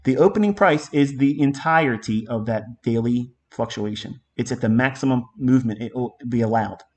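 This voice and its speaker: A man's voice: medium pitch, moderate pace. A middle-aged man with a mid-range voice teaches a live trading session. He talks emphatically and swears freely, hammering points home by repeating them. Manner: emphatic, profane, repetitive. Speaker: trading mentor.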